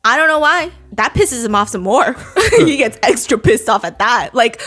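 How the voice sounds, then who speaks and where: Young woman host chatting away, kinda high voice, lots of laughing and little acted-out quotes. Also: moderate pace. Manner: animated, laughs often, acts out quotes. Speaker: podcast host. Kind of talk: casual storytelling chat.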